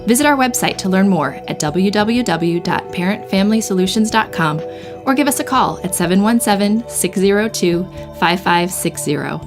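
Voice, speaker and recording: A woman giving a scripted sponsor read in a polished, even promotional tone. Her voice is middle-pitched for a woman, and a clearly audible music bed plays underneath. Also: normal speed. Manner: warm, even promotional delivery. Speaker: ad announcer.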